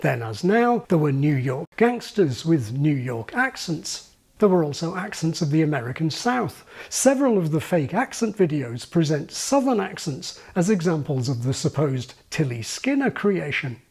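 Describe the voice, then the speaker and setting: A man giving scripted narration for a video essay, measured and explanatory. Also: fairly high pitch, big pitch swings, a little mellow, husky.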